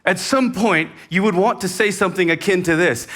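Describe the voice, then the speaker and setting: A man's voice: high-pitched, a little fast, few pauses. Conversational male pastor preaching. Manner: conversational, animated with sudden rises and soft drops. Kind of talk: sermon. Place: church.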